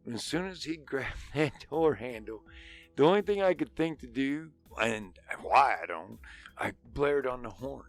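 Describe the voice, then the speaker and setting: A man's voice: medium pitch, animated, a little slow, soft background music. A middle-aged man, a father and podcast co-host, telling a long, profane anecdote in casual chat and acting out the dialogue. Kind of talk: casual storytelling.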